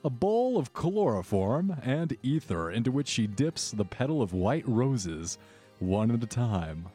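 A man running a tabletop game as game master, narrating scenes in a measured, descriptive way with slow dramatic pauses. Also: mid-range voice, sing-song, dark tone, faint music behind.

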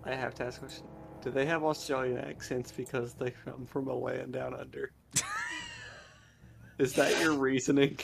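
A man with a gravelly, creaky voice chats as a player at a tabletop game, curious and joking. Background music runs clearly under his voice. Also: medium pitch, little pitch movement, normal speed. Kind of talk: casual chat at a tabletop game.

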